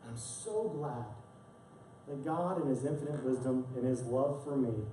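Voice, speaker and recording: A man's voice: medium pitch, measured pace, warm tone, a little hiss or hum. A male pastor delivering a sermon, telling a personal story with earnest emotion and repeating words as he speaks. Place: church sanctuary. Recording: echoey distant church sound.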